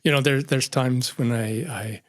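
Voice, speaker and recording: A man in his fifties, born in Germany, speaking as a guest artist in a relaxed, reflective chat. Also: medium pitch, no room sound, clean studio sound. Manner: reflective, unhurried, with frequent fillers. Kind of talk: casual chat.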